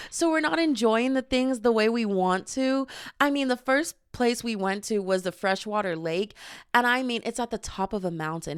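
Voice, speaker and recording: A young woman hosting her own show, telling a funny travel story in a casual, animated way with quick asides and laughter. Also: mid-range voice, smooth, no room sound, clean studio sound. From family from Dominica. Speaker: podcast host.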